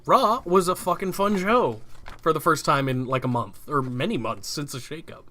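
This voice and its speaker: A man with a high-set, bright, forceful voice co-hosts a casual wrestling podcast. He talks bluntly, swears freely and fires off quick verdicts one after another. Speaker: podcast co-host. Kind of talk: casual wrestling recap chat.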